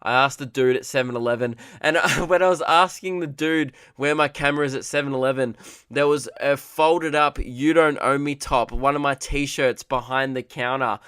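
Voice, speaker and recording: A man's voice: mid-range voice, steady tone, moderate pace, a bit bright, clean tone, no echo, studio quality. A man hosting a comedy podcast, telling a story casually, rambling with restarts and fillers and swearing freely.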